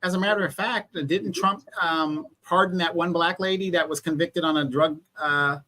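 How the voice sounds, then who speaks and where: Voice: mid-range voice, steady tone, moderate pace, bright, forceful tone. A guest on a live political talk stream, speaking casually and plainly with rhetorical questions.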